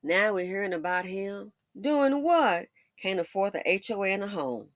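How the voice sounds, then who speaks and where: Sassy, lively woman giving commentary. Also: mid-range voice, normal speed, no echo, clean studio sound. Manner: sassy, emphatic, mocking asides. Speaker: commentary channel host. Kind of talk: opinionated celebrity commentary.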